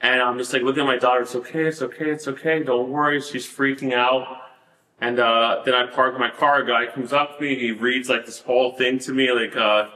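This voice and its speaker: A man guest on an interview show, telling a story in a casual, animated way, full of fillers and laughter. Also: medium pitch, brisk, echoey room, low-quality recording. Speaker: podcast guest.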